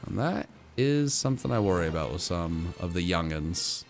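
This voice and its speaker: A man's voice: deep voice, expressive, normal speed, soft background music. Playful streamer guy chatting w his viewers, swings his voice all over, very dramatic. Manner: playful, theatrical, talks to chat. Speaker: gaming streamer. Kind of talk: live stream commentary and chat reading.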